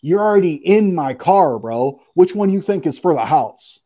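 Mellow-voiced man telling a story. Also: on the high side, expressive, moderate pace. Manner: slangy, profane, keeps saying "bro". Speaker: podcast guest. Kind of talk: casual storytelling.

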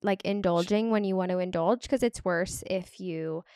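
A woman's voice: on the low side, normal speed, dark tone, smooth, dry recording, clean studio sound. A woman co-hosting a podcast in casual chat, teasing and encouraging. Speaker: podcast co-host.

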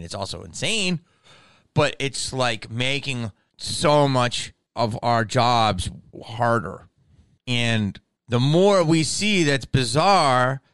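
A male comedian hosts his podcast in an animated, profane solo monologue and breaks into impressions. His voice is smooth and clean at a middle pitch, recorded dry and close. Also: no echo. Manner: slips in impressions.

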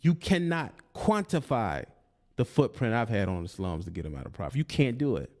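Gravelly, preachy man taunting a rival. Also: medium pitch, sing-song, brisk, mellow. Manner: preachy, taunting, repeats himself. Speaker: online commentator. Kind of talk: confrontational monologue.

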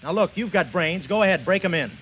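An actor playing a wisecracking young man posing as a groom in a 1940s radio comedy, trading fast quips. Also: high-pitched, lively intonation. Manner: quick quips, fast comic banter. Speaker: comic lead in a radio comedy. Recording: old radio broadcast, dull with hiss.

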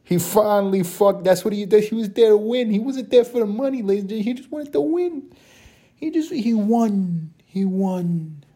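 A man putting on a shrill, overjoyed old gambler. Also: normal speed, warm tone. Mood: ecstatic. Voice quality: strained high put-on accent.

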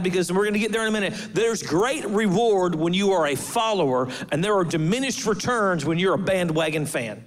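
A male pastor preaching a sermon to his church, with emphatic pauses and changes of pace. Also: sits high.

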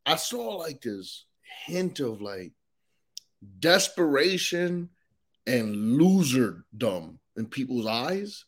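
A man's voice: mid-range voice, very animated, slow pace. A man, a comedian guest on a podcast, in casual chat, slangy and saying "bro" a lot.

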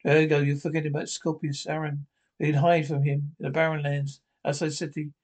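A man with a slightly higher voice narrates a TV episode's plot in an informal, halting way. He stumbles, restarts phrases, and tosses in offhand asides as he reads out the dialogue. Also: completely flat delivery, a little mellow. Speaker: reader retelling a TV episode.

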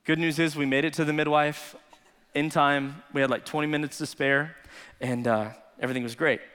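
A pastor with a fairly high man's voice, preaching in a relaxed, conversational storytelling way. His words ring out with a long reverb through a church hall. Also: a little fast, smooth. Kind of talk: sermon.

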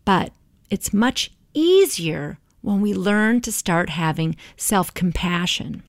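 A woman's voice: fairly low pitch, expressive, takes it slowly, dry recording, studio quality. A middle-aged woman hosting a podcast, talking in an encouraging, motivational way and often checking in with "right?". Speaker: podcast host.

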